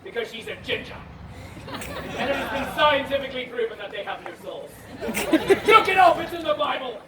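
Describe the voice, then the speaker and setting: Man, very high voice, loud theatrical street performer, outdoor crowd and traffic noise. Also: expressive, brisk. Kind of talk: interactive comic storytelling with audience. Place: outdoor festival stage. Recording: echoey, distant, with crowd noise.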